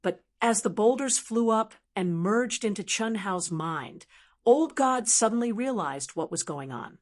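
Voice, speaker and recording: A woman's voice: medium pitch, lively intonation, unhurried. Woman narrating a fantasy audiobook. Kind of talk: scripted narration.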